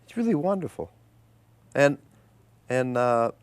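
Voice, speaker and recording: A man, an actor and guest, telling animated anecdotes and acting out the people in them with loud, high voices. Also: measured pace, clean tone, no echo.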